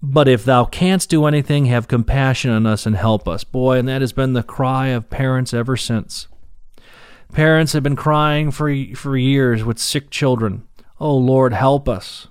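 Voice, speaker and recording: A man's voice: mid-range voice, steady tone, moderate pace, smooth, no echo, studio quality. A man reading Bible verses aloud and explaining them in a plain teaching manner, with fillers and restarts, speaking while in pain. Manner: reads scripture then explains it, with restarts and fillers.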